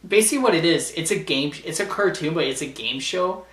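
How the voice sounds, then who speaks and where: A man's voice: fairly high pitch, lively intonation, fairly quick, fairly bright tone. A man chatting casually on his vlog, rambling with lots of stammered restarts. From Canada. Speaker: vlogger. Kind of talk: casual chat, ranking TV shows. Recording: echoey room, mic at a distance.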